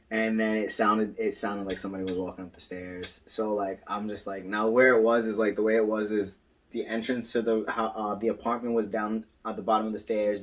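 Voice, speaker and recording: A man co-hosting a podcast, telling stories in casual chat, animated and acting out quotes. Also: on the low side, recorded from a distance. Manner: animated storytelling, acts out quotes, swears, laughs a lot. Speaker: podcast co-host.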